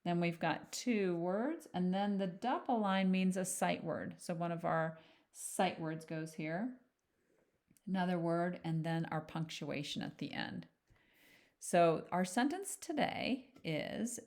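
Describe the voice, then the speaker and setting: Teacher lady doing a slow phonics lesson for little kids, lowish voice, sounds out every letter nice and patient. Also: a little mellow. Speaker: reading teacher.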